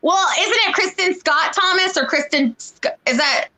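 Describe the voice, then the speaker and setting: A woman co-hosting a casual show chat, talking in a chatty, animated way and acting out quoted lines when she retells a story. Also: extremely high pitch, moderate pace, rough recording. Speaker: co-host.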